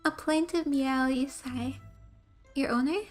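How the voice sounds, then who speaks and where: Young woman, high voice, chatty rambling streamer, faint music behind. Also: steady tone, measured pace. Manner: chatty, rambling, laughs often. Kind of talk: casual game commentary and reading.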